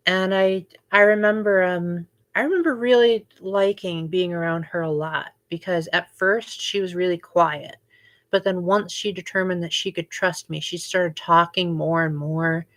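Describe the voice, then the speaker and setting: A woman's voice: fairly low pitch, fairly even intonation, moderate pace, a bit bright. A young woman hosting a casual livestream, chatting with viewers and filling her talk with "like" and "um". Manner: chatty, frequent "like" and "um" fillers. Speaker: livestream host.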